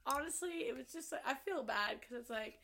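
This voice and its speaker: A woman's voice: sits high, lively intonation, fairly quick, gravelly, pushed and bright, slight background noise. A young woman co-hosting a podcast, telling a story casually with lots of "like" and "literally". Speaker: podcast co-host; teacher. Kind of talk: casual chat.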